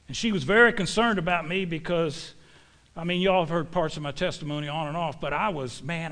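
A man's voice: fairly high pitch, a bit bright. A man preaching a sermon to a congregation in a church, in a folksy, emphatic way full of homespun sayings.

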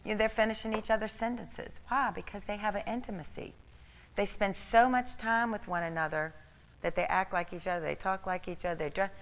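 A woman's voice: medium pitch, a little fast, in a large hall. A middle-aged woman preaching a sermon, emphatic and repeating key phrases for stress.

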